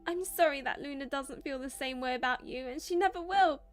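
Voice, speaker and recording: A woman playing a shrill, pleading game heroine. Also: fairly quick, soft background music, natural voice. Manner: high-pitched, loud and emphatic. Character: young woman, desperate lover then haughty spoiled girlfriend.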